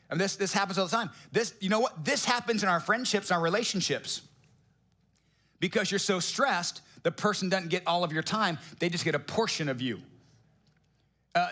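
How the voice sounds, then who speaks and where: Here the pastor, a middle-aged man, sounds high-pitched, pushed and bright. He preaches in a chatty, humorous manner, frequently throwing rhetorical questions at the congregation.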